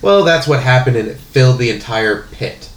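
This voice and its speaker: A man's voice: mid-range voice, expressive, fairly quick, echoey room. A man casually telling a long story about his old job, rambling with many fillers and restarts. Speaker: podcast guest telling a work story.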